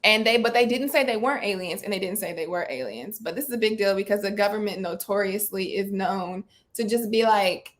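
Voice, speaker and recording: A woman co-hosts a live talk show in a relaxed, chatty way. She talks with animation, throws in slang and quick asides, and keeps an easy conversational flow. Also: mid-range voice. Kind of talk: casual chat.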